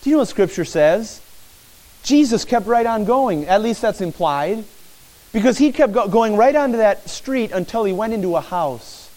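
Animated high-voiced male preacher. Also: normal speed. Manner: animated preaching, acting out shouted pleas. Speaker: pastor. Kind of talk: sermon.

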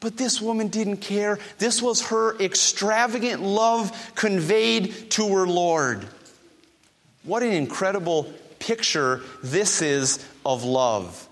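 A man's voice: high voice, takes it slowly, a bit bright. A male preacher delivering a sermon with emphatic repetition and rhetorical questions. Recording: long hall reverb.

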